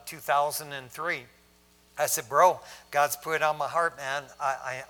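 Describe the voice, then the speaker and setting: Bright-voiced man telling his story from the pulpit. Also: fairly high pitch. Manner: conversational storytelling, acts out dialogue. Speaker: pastor. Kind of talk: sermon testimony.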